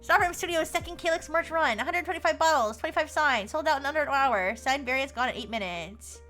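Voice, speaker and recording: Bright, high-voiced young woman streamer. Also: a little fast, soft background music. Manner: reads text aloud with frequent laughs and sarcastic asides. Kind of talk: casual live-stream commentary.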